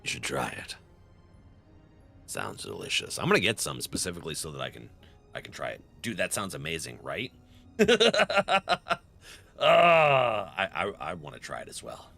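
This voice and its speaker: A man's voice: deep voice, huge pitch swings, normal speed, gravelly, sharp tone, soft background music. A young man streaming a game, chatting casually with viewers and laughing often. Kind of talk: casual live-stream chat.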